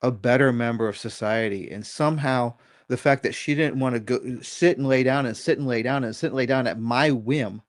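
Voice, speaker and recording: A man's voice: mid-range voice, a little fast, no echo, studio quality. A middle-aged man, a dog trainer and guest, telling a story in a candid, self-critical way and swearing casually.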